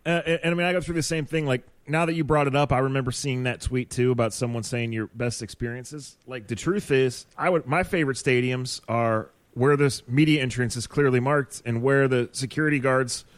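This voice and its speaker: A man's voice: medium pitch, steady tone, fairly quick, hardly any pauses, no echo. A man co-hosting a podcast, chatting casually and agreeably. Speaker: podcast co-host. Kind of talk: casual chat.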